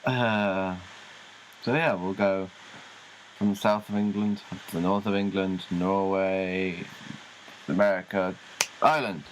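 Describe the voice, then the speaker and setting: A man with a fairly low voice co-hosts a relaxed comedy podcast. He talks in an easygoing way and happily riffs along with the jokes. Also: a little hiss or hum, low-quality recording. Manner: easygoing, quick to riff along. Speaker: podcast co-host. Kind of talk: casual comedic chat.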